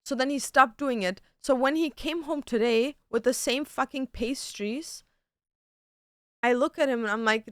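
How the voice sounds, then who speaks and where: High-voiced ranting young woman streamer. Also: moderate pace, clean tone, no echo, clean studio sound. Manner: ranting storytelling with frequent likes and swearing. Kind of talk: casual livestream chat.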